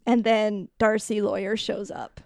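Smooth-voiced woman recapping a movie. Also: mid-range voice, no echo. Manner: animated retelling with quick mock character voices. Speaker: podcast co-host. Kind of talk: casual movie recap chat.

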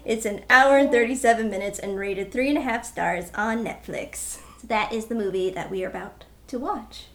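A young woman hosts a movie podcast in casual chat, her voice sitting a bit high. She talks loosely, full of "like", and reads blurbs aloud between jokes. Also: normal speed, few pauses. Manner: chatty, many "like"s, reads descriptions aloud. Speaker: podcast co-host.

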